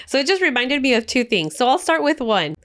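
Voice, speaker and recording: Podcast co-host, woman, bright smooth voice, chatty and emotional, casual talk. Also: sits high, big pitch swings, brisk. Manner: chatty, emotional storyteller mixing in Spanish phrases.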